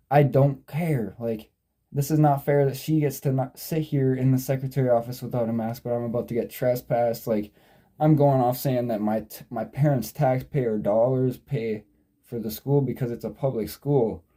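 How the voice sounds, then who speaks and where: A young man in his twenties, talking straight to the camera in a loose, rambling vlog. His voice is very dark and mellow at an ordinary pitch. He swears freely and keeps drifting off on tangents and correcting himself. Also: fairly even intonation, moderate pace. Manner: digressive, profane, sidetracks and self-corrects. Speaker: vlogger. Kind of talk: casual rambling storytelling.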